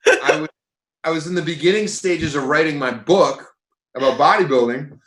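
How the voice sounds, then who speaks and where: A man's voice: on the high side, moderate pace. Man telling stories on an echoey video call. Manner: animated anecdote-telling, laughs mid-sentence. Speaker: guest. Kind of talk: casual storytelling.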